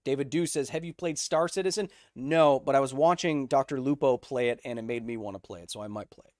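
A man in his thirties hosting a live stream, reading chat questions aloud and explaining science in an energetic way. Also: mid-range voice, quick pace, dry recording, clean studio sound. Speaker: host.

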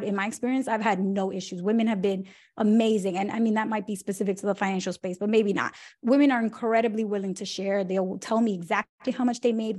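A young woman gives a lively talk with business advice. Her voice sits fairly high. She acts out the voices of the people in her stories with energy. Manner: animated, acts out quoted dialogue. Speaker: story-sharer at a town hall.

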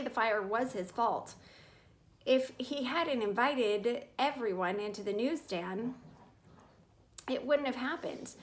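Lady reading a kids chapter book out loud, steady voice, faint background noise. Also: on the high side. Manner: clear, steady storytelling. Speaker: reader.

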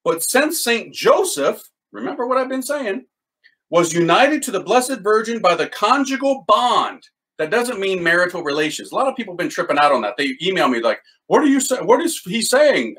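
A man teaching a Catholic devotional series with excited commentary on quotes, then leading a litany prayer. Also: high voice, brisk, poor audio. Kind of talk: enthusiastic spiritual teaching and prayer.

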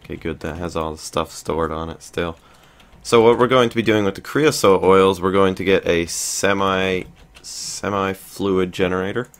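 A young man with a very low voice narrates his gameplay in a loose, rambling way. He thinks aloud, trails off and restarts his sentences often. Keyboard typing can be heard behind him. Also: steady tone, moderate pace, a bit bright, clean tone. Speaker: let's play host. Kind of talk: casual gameplay commentary.

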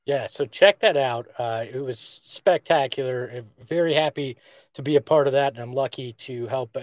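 A man hosting a sports podcast in a loose, relaxed way, dropping "uh" between phrases as he promotes another show. His voice sits at an ordinary middle pitch. The sound is dry and close, with no room around it. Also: dry recording. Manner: relaxed, many "uh" fillers, plugging a show. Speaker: podcast host. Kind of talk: casual podcast talk.

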